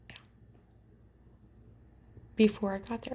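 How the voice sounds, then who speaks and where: A woman giving an urgent, agitated personal account, often dropping to a hushed whisper. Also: mid-range voice, normal speed, pauses often, a little hiss or hum. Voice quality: gravelly, very husky. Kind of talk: personal account told to camera.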